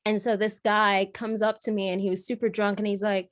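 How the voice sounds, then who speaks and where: A woman's voice: medium pitch, quick pace, few pauses, dry recording, studio quality. A young adult woman from Zimbabwe, raised in London and Beijing, with a mixed British and American accent, telling stories as a guest in a casual podcast interview and acting out the voices she quotes. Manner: lively storyteller, laughs easily, acts out quoted voices. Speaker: guest actor.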